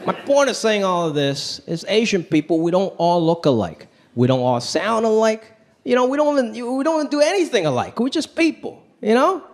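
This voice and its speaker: A man doing a stand-up comedy set in a club, talking in an animated way and acting out other people's voices. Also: high-pitched, brisk. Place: comedy club stage before a live audience. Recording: live club recording with loud audience laughter. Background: audience laughter.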